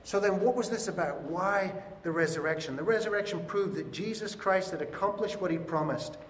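A man's voice: sits high, brisk, a little hiss or hum. A man preaching an Easter sermon to his congregation, talking expressively and acting out the voices of the people in the story. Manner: expressive, acts out voices of biblical figures. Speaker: pastor. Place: church hall. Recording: echoey hall, picked up from a distance.

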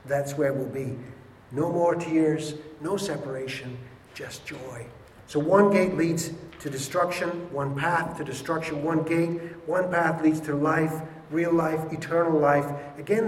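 A man preaching a sermon with passion, swinging between loud and hushed delivery. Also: a little high, a little hiss or hum. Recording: echoey hall with faint ambience.

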